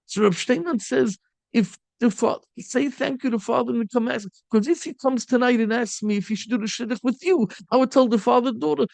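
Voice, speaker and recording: Rabbi preaching: male, high and gravelly, animated storyteller, dry close sound. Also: brisk, dry recording. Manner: animated storyteller, mixing in Yiddish and Hebrew terms. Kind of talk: sermon storytelling.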